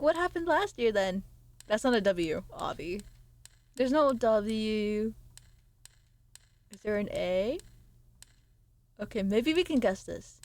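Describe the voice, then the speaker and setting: Giggly young woman, higher voice. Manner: giggly, chatty, talks to her viewers while playing. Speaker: streamer. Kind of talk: casual live game-stream chat.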